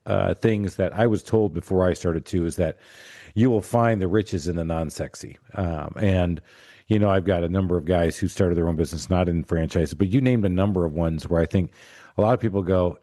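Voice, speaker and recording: A man's voice: deep voice, brisk, warm tone, dry recording, studio quality. A man hosting a podcast interview, joking around playfully between questions. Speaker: podcast host.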